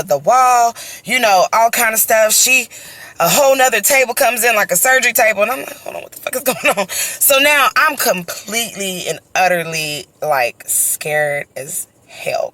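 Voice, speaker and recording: A young woman, chatty and animated, tells a story into her phone while walking outdoors. Her voice is bright and forward. The sound is close and dry. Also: medium pitch, no room sound. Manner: animated, conversational, heavy use of fillers like "you know" and "right?". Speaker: vlogger telling her birth story. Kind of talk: casual storytime monologue. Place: outdoors, on a walk.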